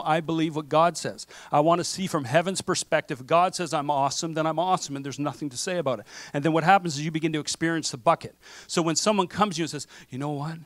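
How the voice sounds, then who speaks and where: A man pastor with a slightly higher voice preaches in a relaxed, conversational way and keeps checking in with his listeners. He acts out the things people tell themselves. The sound is close and dry, with almost no room around it. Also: no room sound. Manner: conversational preaching with frequent "okay?" and acted self-talk. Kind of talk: sermon. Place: church sanctuary.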